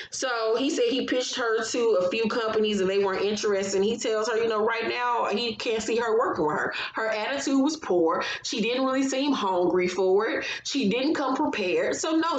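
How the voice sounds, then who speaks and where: A woman's voice: fairly high pitch, expressive, normal speed, roomy sound, poor audio. A woman recapping a reality show in casual commentary, blunt and profane, getting heated as she gives her opinions.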